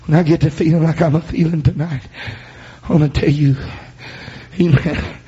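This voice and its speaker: A man preaching a sermon, building into loud shouted, chanted passages. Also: fairly high pitch, steady tone, normal speed, husky, highs cut off.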